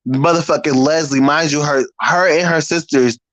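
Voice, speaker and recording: A man telling a story to the camera in a casual, animated and profane way, full of slang. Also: fairly high pitch, normal speed, no echo, lo-fi sound. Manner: animated, profane, slangy and talking straight to the viewer. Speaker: storyteller vlogger.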